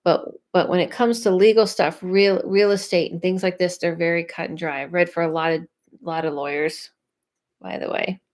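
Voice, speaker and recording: A woman psychic medium chatting on a live stream, reading viewer questions aloud, often restarting and thinking out loud as she talks. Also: fairly low pitch, steady tone, moderate pace.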